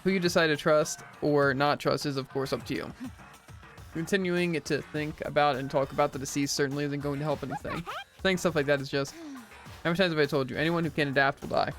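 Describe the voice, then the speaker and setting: A man's voice: a little high, brisk, a bit bright, soft background music. A man streaming a visual novel, reading every character's dialogue aloud himself and adding jokey asides. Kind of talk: let's play, reading game dialogue aloud.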